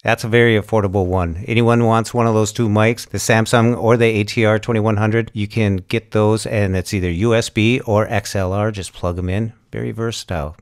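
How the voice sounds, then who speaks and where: A man's voice: lowish voice, steady tone, fairly quick, hardly any pauses. A man hosting a casual tech podcast, chatty and jokey, wry about subscriptions and prices. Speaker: podcast host.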